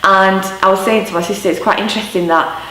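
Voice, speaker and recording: A woman's voice: mid-range voice, steady tone, fast talker. Young yorkshire woman in her 20s just chatting, lots of um and you know, sounds a bit far off the mic in an echoey room. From Yorkshire, England. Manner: chatty, warm storytelling with many fillers. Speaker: interviewee. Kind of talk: candid personal recollection. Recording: roomy sound from a mic at a distance.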